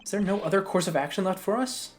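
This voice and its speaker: A woman voicing a composed male prosecutor from a game, speaking low, measured and serious. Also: lively intonation, faint music behind, natural voice. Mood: grave.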